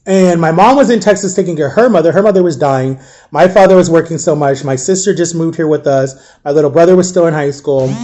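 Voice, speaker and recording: A man telling a painful personal story in a candid, subdued way, halting and full of fillers and restarts. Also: fairly high pitch, darkish tone. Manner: emotionally shaken, subdued. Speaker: storyteller recounting a personal ordeal.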